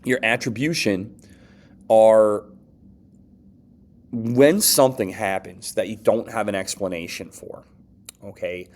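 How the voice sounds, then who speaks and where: Male teacher, lowish voice, relaxed conversational lecture delivery, acts out quick examples. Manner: conversational, frequent okays and restarts, acts out quoted lines. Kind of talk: casual classroom lecture.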